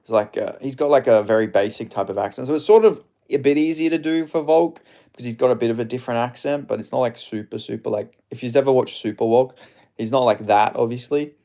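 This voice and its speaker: A man's voice: mid-range voice, fast talker, warm tone. A man with an Australian accent, a streamer rambling loosely through viewer comments, swearing casually and filling his talk with filler words.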